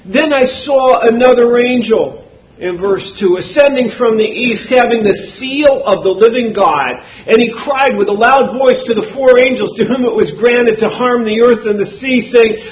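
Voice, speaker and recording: A man preaching a sermon, swinging from booming shouts to low murmurs. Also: moderate pace. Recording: roomy, dull hall recording.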